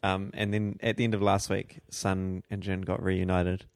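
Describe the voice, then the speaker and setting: A man co-hosting a TV recap podcast in casual chat, lively and steering the conversation with quick asides. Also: deep voice, dry recording, clean studio sound. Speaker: podcast co-host.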